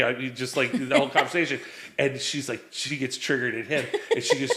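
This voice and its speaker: This guest, a man in his forties, has a medium-pitched, bright, forceful voice and talks a little fast in a roomy-sounding space. He chats casually, rambling through family stories and performing the quotes.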